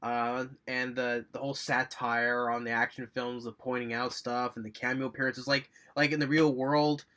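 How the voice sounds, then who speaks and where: A man's voice: mid-range voice, level tone, moderate pace, hardly any pauses, a bit bright. A man giving a casual, rambling movie review, recapping scenes with enthusiasm and little chuckles.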